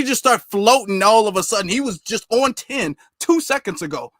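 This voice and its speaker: A man hosting a reaction commentary channel, talking in a mocking, sarcastic way with slow, drawn-out remarks. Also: high voice, expressive, a bit bright, dry recording, clean studio sound.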